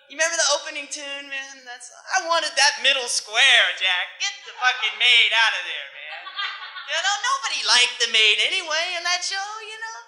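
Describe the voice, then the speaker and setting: A young male comedian rambles through his set in a laid-back, slangy way, his voice bright and forceful. The recording is from an 1980s club with lots of room echo. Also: very high voice. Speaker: stand-up comedian. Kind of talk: stand-up comedy.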